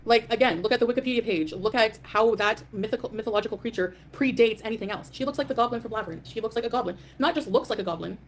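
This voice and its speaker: A woman's voice: fairly high pitch, fast, few pauses, a little hiss or hum. A woman hosting a live stream, ranting in a defiant, dismissive way and greeting chat viewers. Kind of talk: casual live stream rant.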